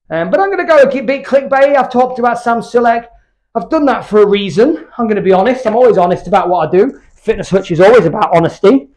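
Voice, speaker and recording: A man's voice: high-pitched, darkish tone. A British man chatting candidly between workout sets in his home gym, rambling and swearing freely. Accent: British English. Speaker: fitness YouTuber.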